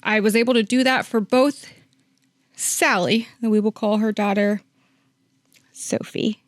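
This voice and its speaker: A woman's voice: mid-range voice, steady tone, normal speed, no echo, clean studio sound. A woman working as a hospice nurse, telling a long story in a podcast interview, with many fillers and quoted lines acted out.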